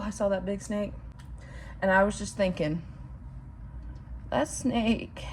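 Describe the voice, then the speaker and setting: A young woman vlogging casually outdoors, rambling and excitable, swearing casually and calling her viewers bro. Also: lowish voice, slight background noise. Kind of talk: casual vlog talk to viewers. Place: outdoors at home.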